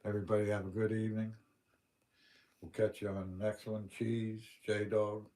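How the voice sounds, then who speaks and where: A man's voice: on the low side, flat delivery, moderate pace, dark tone. A man with a Western Pennsylvania accent, hosting a casual livestream and telling plain-spoken, rambling stories. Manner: folksy, plain-spoken storyteller. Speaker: livestream host.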